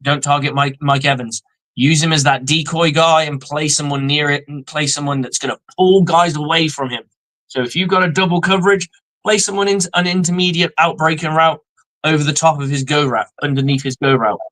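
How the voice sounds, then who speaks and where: Bright, fired-up male sports co-host. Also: a little high, steady tone, brisk, poor audio. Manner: profane, fired-up football analysis. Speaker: co-host of a sports fan show. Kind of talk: casual sports talk on a live stream.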